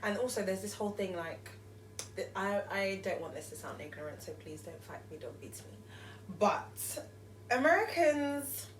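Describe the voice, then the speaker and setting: A woman's voice: mid-range voice, normal speed, recorded from a distance, slight background noise. A young woman hosting a podcast, chatting casually and hedging with many fillers. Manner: relaxed, hedging with frequent fillers. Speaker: podcast host. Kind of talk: casual chat. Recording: roomy, off-mic.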